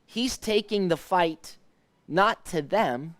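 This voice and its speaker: A man, a pastor, leading a live devotional Bible study. He paraphrases verses in a soft, pleading voice and explains Hebrew words with many restarts. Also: on the high side, expressive, unhurried, no echo.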